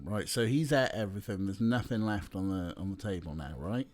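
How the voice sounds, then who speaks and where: A man's voice: low-pitched, lively intonation, a little fast, few pauses, darkish tone. A young man streaming, chatting casually and talking to his cats as he plays. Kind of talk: casual live-stream chat.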